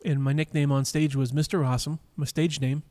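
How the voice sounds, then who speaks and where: A man's voice: on the high side, little pitch movement, fairly quick, dark tone. Rambling man hosting a live stream. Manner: rambling, chatty, many fillers and restarts; teasing chat viewers. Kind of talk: casual live-stream chat. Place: cigar lounge. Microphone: microphone.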